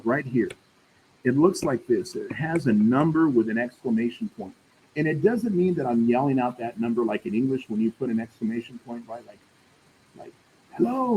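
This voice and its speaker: A man's voice: medium pitch, mellow, a little hiss or hum, poor audio. A man teaching a math class in a casual, chatty way, often checking in with the room. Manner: casual, addresses class as y'all, checks in with "right?". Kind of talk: classroom lecture.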